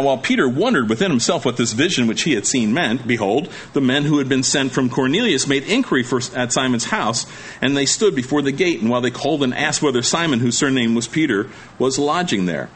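Male pastor for a sermon: folksy and chatty, middle pitch, reads scripture then riffs with asides, faint hiss underneath. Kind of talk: sermon, reading scripture and explaining it.

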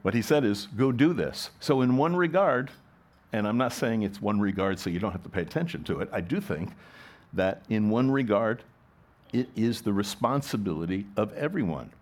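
A middle-aged pastor preaching a sermon, his voice sitting a little low. He talks to the congregation the way he would in conversation, asking questions, restarting his sentences and circling back to his point. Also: lively intonation, normal speed.

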